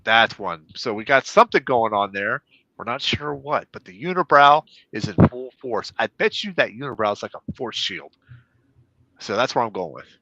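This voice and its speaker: A man co-hosting a comic book podcast, trading jokes and quick banter. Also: medium pitch, animated, sharp tone, dry recording, lo-fi sound. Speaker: podcast co-host.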